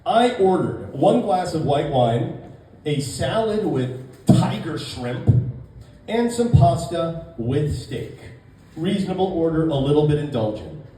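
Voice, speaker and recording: A man doing a stand-up comedy set, telling a story and acting out both sides of a date in an animated way. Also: fairly high pitch, slow pace, heavy reverb, far from the mic, slight background noise, poor audio.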